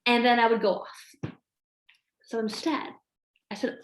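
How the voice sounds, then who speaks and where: A woman coach chatting casually to camera at home, lively and acting out what she and others said. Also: on the high side, unhurried, long pauses. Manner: animated, acts out her own quotes. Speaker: health coach. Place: home room with a board behind her. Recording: echoey room.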